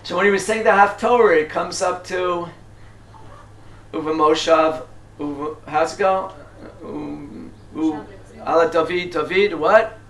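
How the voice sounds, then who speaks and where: Chatty high-voiced man guiding a tour. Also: measured pace, a bit bright, reverberant, a little hiss or hum. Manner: chatty, asks the group questions, frequent fillers and restarts. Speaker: tour guide teaching history. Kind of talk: casual guided lecture.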